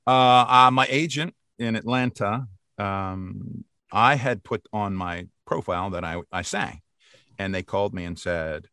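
A man's voice: fairly low pitch, measured pace, pushed and bright, clear, resonant tone, no echo, studio quality. A man in his sixties, a voice actor, telling stories animatedly in a casual interview and laughing often. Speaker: voice actor guest.

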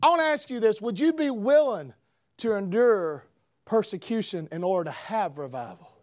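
Preacher, male, very high voice, dry close sound, shouts then hushes. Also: lively intonation, normal speed, no echo. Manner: builds to shouting emphasis, swings between loud and hushed. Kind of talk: revival sermon.

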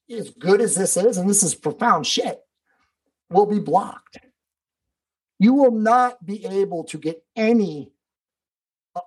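A man's voice: high-pitched, breathy edge, low-quality recording. A man speaking as a podcast guest in casual conversation, emphatic and preachy, swearing freely.

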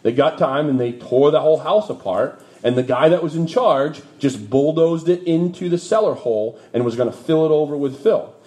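A man preaching, telling a personal story from his early ministry with lively asides and low, quiet turns at the sad parts. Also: moderate pace, few pauses. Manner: lively anecdotal storytelling that drops low and quiet for emotional moments. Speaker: pastor. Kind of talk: sermon storytelling.

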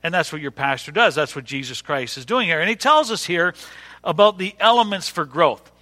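A man's voice: fairly high pitch, animated, brisk, bright, forceful tone. A middle-aged male pastor preaching a sermon in a folksy way, repeating words and using dry humor. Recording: long hall reverb.

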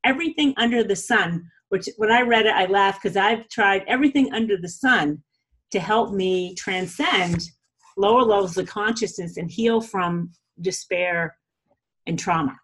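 A woman's voice: mid-range voice, moderate pace, a bit bright, husky. A woman in a casual spiritual teaching talk, chatty, often laughing and saying "you know" and "like".

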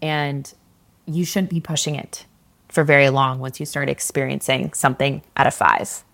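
Woman, low voice, podcast host, candid, conversational coaching talk. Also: moderate pace, creaky, a bit bright. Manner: candid, conversational, swears casually. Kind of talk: casual solo podcast talk.

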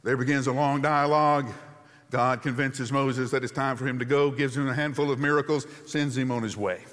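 A man preaching a sermon in a conversational, animated storytelling way. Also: medium pitch, brisk. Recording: long hall reverb.

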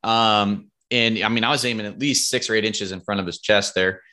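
Bright-voiced man swapping hunting stories. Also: lowish voice, fairly quick. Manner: animated, rambling, swears freely. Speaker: podcast guest, bow hunter. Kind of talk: casual storytelling in a podcast interview.

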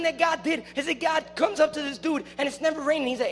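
A young man with a very high voice preaches to a youth group in a casual, joking way, now and then shouting with excitement. His voice rings with long reverb in a large hall, with faint music underneath. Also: fast talker, few pauses. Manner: playful, joking, bursts into loud excited shouts.

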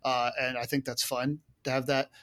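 A man co-hosting a casual podcast chat, animated and full of fillers and asides. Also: mid-range voice, normal speed, clean tone. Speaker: podcast co-host.

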